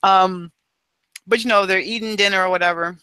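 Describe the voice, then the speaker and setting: A man's voice: high voice, fairly even intonation, a little fast, pushed and bright, clear, resonant tone, no echo, low-quality recording. A man co-hosting a podcast, summarizing a book in a loose, rambling way full of fillers. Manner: rambling and loose, with many fillers and casual paraphrase. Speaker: podcast co-host. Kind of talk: casual book review chat.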